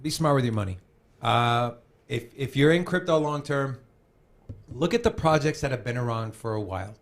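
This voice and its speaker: A man's voice: mid-range voice, moderate pace. A man hosting a casual crypto show, joking and talking straight to viewers. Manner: animated, joking, addresses viewers as guys. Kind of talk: casual podcast banter.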